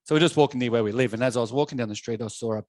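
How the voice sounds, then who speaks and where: A quick-talking Australian man in his fifties, blunt and salty in casual podcast chat. His voice sits at an ordinary middle pitch, recorded close and dry with no room sound. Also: a little mellow, dry recording. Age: 50s. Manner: blunt, swearing storyteller. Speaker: podcast guest, coach and former police officer.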